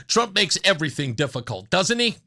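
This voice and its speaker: High-voiced mocking talk radio man. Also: pushed and bright. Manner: mocking, puts on whiny voices to ridicule opponents. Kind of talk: opinionated talk radio monologue.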